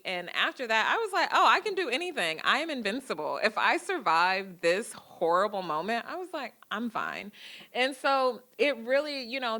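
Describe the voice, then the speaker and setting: Bright-voiced woman telling lively stories. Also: medium pitch. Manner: lively storytelling, acting out quoted dialogue. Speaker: guest lecturer. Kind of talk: public lecture with personal stories. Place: lecture hall.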